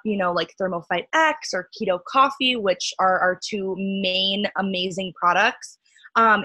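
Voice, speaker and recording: A young woman leading a sales team call, chatty and upbeat with lots of fillers, her voice cracking and a bit hoarse. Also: medium pitch, fairly bright tone, dry recording, low-quality recording.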